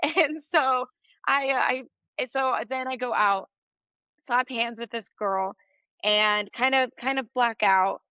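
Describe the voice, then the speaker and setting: Bright-voiced woman telling an animated story. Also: on the high side, a little slow, smooth, no room sound. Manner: animated, laughs often while telling a story. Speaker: podcast guest. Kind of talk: storytelling in a casual interview.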